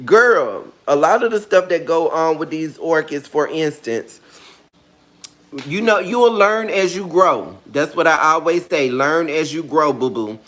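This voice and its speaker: A man's voice: a little high, expressive, measured pace, a bit bright. A man hosting a casual how-to vlog, talking sassily and chattily to his viewers with playful, dramatic asides. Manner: sassy, chatty, calls viewers girl and honey. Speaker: orchid care vlogger.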